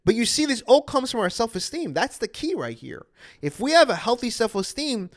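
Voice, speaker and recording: A man's voice: very high voice, big pitch swings, a little fast. A man in his thirties, an anxiety coach, giving an earnest self-help talk, often repeating his phrases and calling his listeners "guys".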